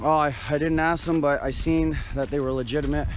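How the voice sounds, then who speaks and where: A man's voice: on the high side, fairly even intonation, brisk. A man doing a casual live stream outdoors on a frosty night, out of breath and sighing, rambling with many fillers and restarts. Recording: street noise and passing traffic.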